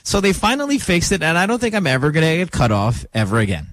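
A man hosting a morning radio show in a studio, talking casually in an animated, joking, playfully dramatic way. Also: fairly high pitch, fast talker. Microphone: studio microphone.

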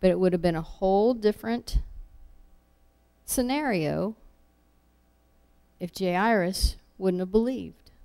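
A woman's voice: medium pitch, slow, vocal fry, long pauses, mellow, smooth. A woman preaching a sermon, earnest and repeating key phrases for emphasis.

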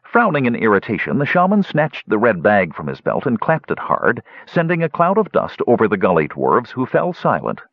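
A man narrating a fantasy audiobook in an expressive storytelling manner. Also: mid-range voice, moderate pace, few pauses, dry recording, lo-fi sound.

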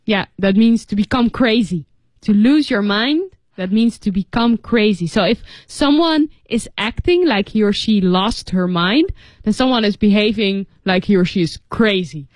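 A woman's voice: mid-range voice, expressive, normal speed, a little mellow, dry recording. A woman co-hosting an English lesson, reading story lines and explaining phrases in a chatty way with many fillers.

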